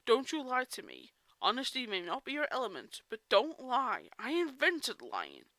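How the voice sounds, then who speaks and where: A woman voicing a mischievous male chaos spirit in a storybook reading, coaxing and drawing out her words, in a bright, lively voice. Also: fairly high pitch, normal speed, no room sound, full character voice. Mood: stern.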